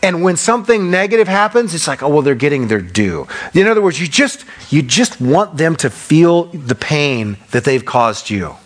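A middle-aged man delivering a sermon in a fairly high voice. He hammers on repeated phrases and gets louder as his passion rises, then drops back to a quieter, conversational tone. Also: expressive, moderate pace, hardly any pauses. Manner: repeats phrases for emphasis, swings between loud bursts and quiet asides; loud when passionate. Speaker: pastor.

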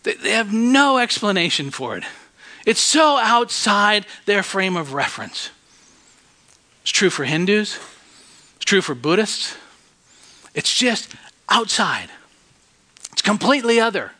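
A man preaching a sermon, telling a story and swinging from hushed tones to loud outbursts. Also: sits high.

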